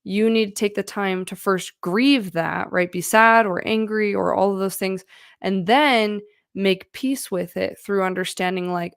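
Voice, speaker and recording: A woman's voice: medium pitch, a little slow, vocal fry, clear, resonant tone, dry recording, studio quality. A woman giving casual, earnest advice on feelings to her viewers, chatty and full of fillers. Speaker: mental health vlogger. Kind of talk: casual talking-to-camera advice.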